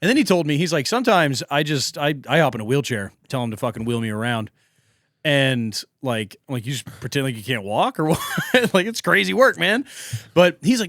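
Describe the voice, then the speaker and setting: On a podcast he co-hosts, a man with a fairly high voice, speaking at normal speed, relays a profanity-laced story in relaxed conversation and animatedly imitates what others said. The recording is dry and studio-clean.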